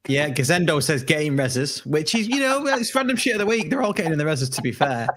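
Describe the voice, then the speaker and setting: A middle-aged man hosting a podcast, chatty and laughing often, with brisk sign-offs. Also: fairly high pitch, big pitch swings, fairly bright tone. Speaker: podcast host. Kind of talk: casual chat.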